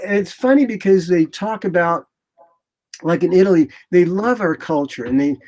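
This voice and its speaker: A man in his sixties talks about his travels in an easy, rambling way, his voice sitting a little high for a man. He jumps into lively quoted asides as he tells his stories. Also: moderate pace. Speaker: motorcycle photographer guest. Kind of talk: casual interview storytelling.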